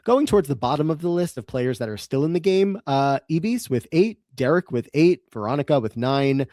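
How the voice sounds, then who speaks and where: A man co-hosting a podcast, recapping episodes in a relaxed, rambling way with many fillers. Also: on the high side, brisk, no room sound, studio quality. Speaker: podcast co-host. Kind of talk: casual podcast recap chat.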